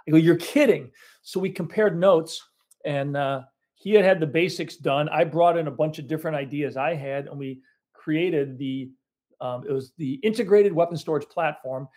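This man's voice runs a bit high, with a darkish tone and a moderate pace. He's a business owner telling his story in a casual interview, rambling and correcting himself, full of restarts and filler words.

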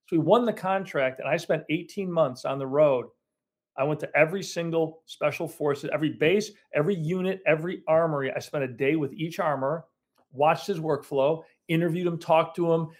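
A man's voice: on the high side, normal speed, darkish tone. A man, a business owner, telling his story in a casual interview with many restarts and fillers. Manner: rambling, self-correcting storyteller.

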